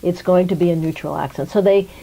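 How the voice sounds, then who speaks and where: A woman's voice: fairly low pitch, steady tone, fast, vocal fry, mellow, poor audio. A middle-aged American woman being interviewed, speaking thoughtfully with fillers and restarts. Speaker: interviewee, dubbing company executive. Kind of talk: conversational interview answers.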